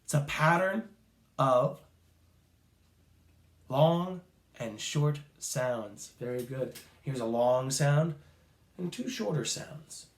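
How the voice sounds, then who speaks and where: A man's voice: medium pitch, lively intonation, slow pace, pauses often. A man teaching a children's music lesson, upbeat and counting off rhythms for the class to chant along. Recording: echoey room.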